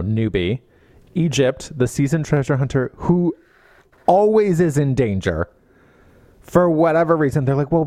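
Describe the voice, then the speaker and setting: Animated sarcastic man recapping a book. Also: medium pitch, no room sound. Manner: animated, sarcastic retelling with mocking quoted voices. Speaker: podcast co-host. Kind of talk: casual book-recap chat.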